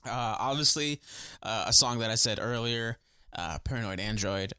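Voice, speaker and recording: Bright, dry-voiced young podcast co-host. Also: male voice, mid-range voice, normal speed, clear, resonant tone, no room sound. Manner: enthusiastic, swears freely, says "like" a lot. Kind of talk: casual chat.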